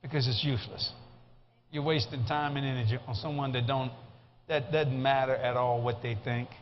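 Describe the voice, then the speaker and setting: An older man with a Cajun Louisiana accent, preaching a humorous sermon in a folksy, animated way and laughing often. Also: medium pitch, moderate pace. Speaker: guest preacher. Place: church sanctuary. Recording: muffled live sermon recording with background noise.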